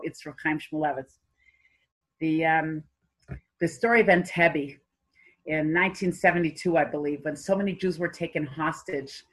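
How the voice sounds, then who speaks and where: A woman's voice: deep voice, slightly rough, rough recording. A woman giving an informal Torah lecture, telling stories in a conversational way with many fillers and restarts. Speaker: Torah class teacher.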